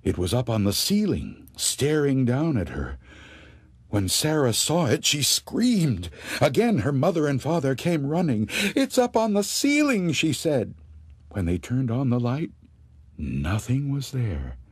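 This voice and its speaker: Slow, husky storytelling man. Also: mid-range voice, no echo. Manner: slow, suspenseful, expressive telling. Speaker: audiobook narrator. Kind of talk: scripted storytelling narration.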